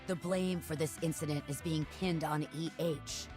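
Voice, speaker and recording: A woman's voice: sits low, fairly even intonation, normal speed, close to an everyday voice. A woman voicing a level-headed, firm commander in a game. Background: game music.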